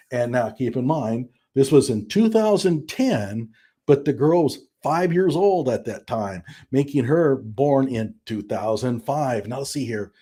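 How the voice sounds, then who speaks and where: A man's voice: medium pitch, warm tone. A man hosting a live stream, chatting casually and mockingly, with frequent laughs and fillers.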